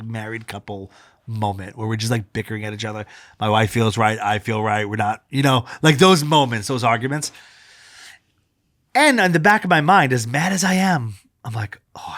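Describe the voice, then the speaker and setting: A man in his thirties co-hosting a podcast, telling a long story in casual chat, animated, swearing freely and acting out what people said. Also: medium pitch, dry recording, clean studio sound. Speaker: podcast co-host.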